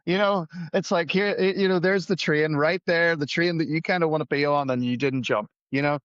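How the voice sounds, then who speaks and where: A man's voice: on the high side, steady tone, a little fast, fairly bright tone, no room sound. A man talks as a podcast guest, rambling through his stories with self-deprecating humor and acting out the lines of people he quotes. His recording sounds dry and a little dull, with no room around it. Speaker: podcast guest, musician and gig promoter. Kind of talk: casual storytelling.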